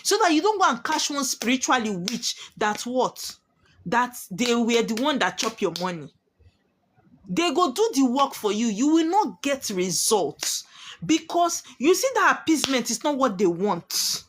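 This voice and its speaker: A woman's voice: fairly high pitch, sing-song, a little slow. A woman, a spiritualist delivering emphatic, preachy warnings straight to her viewers and repeating key lines for weight. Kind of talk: prophetic monologue to viewers.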